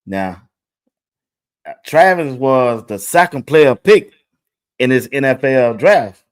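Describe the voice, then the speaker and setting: A man hosting a sports talk show, chatting excitedly. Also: mid-range voice, slow pace, clear, resonant tone. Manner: excited, chatty, talks to viewers directly. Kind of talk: casual commentary over video clips.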